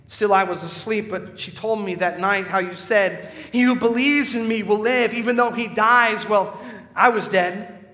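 A man reciting as a man risen from death, awed and emphatic, his voice high and bright. A long reverb fills the hall around him. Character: man raised from the dead, awed. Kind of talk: dramatic poem recital.

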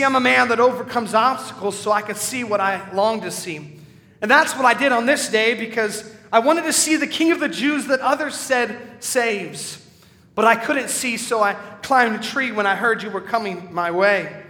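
A man's voice: high-pitched, normal speed, pushed and bright, voice pushed up. A man voicing a repentant tax collector, emphatic. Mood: earnest. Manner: emphatic rhythmic poetic recitation. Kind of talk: dramatic poem recital. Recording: echoey hall reverb.

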